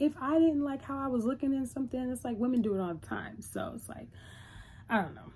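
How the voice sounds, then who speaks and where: A woman's voice: high-pitched, expressive, fairly quick, mellow. A woman casually recapping a TV episode in a loose, chatty retelling. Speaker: TV reviewer.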